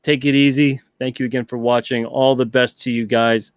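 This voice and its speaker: A middle-aged man hosting a casual livestream show, reading viewer questions from the chat and answering them in a relaxed, thinking-aloud way. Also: mid-range voice, moderate pace, dry recording, clean studio sound. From not British. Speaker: podcast host.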